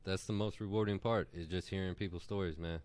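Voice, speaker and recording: A man with a very deep, smooth voice speaks as a podcast guest. He sounds easygoing and plain-spoken, answering without fuss. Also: steady tone, fast, darkish tone. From United States. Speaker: guest, CBD shop owner. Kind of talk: casual interview.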